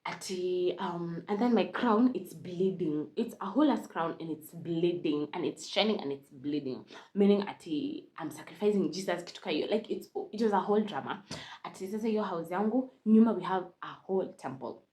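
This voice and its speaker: Animated young Kenyan woman telling a story. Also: on the low side, moderate pace. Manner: animated, mixes Swahili and English, laughs often. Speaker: vlogger. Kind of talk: casual storytime.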